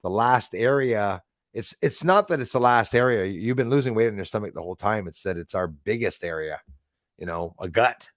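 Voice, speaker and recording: A man's voice: lowish voice, expressive, moderate pace, no echo, studio quality. A man hosting a casual live stream, chatting with viewers by name and swearing casually. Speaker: livestream host.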